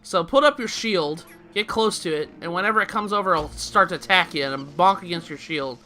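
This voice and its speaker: Guy narrating his game playthrough, laughs a lot, high and kinda sharp voice. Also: animated, fairly quick, soft background music. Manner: chatty, laughs often, explains step by step. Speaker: let's play host. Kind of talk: casual game commentary and walkthrough.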